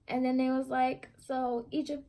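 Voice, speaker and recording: A woman's voice: high voice, level tone, normal speed, mellow. A young woman vlogger casually retelling a story to camera, rambling and correcting herself as she goes.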